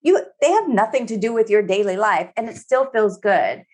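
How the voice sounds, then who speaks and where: A woman therapist talking in a relaxed podcast conversation, filling her speech with "you know" and slipping into quoted voices. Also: medium pitch, moderate pace. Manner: chatty, many fillers, acts out quoted speech.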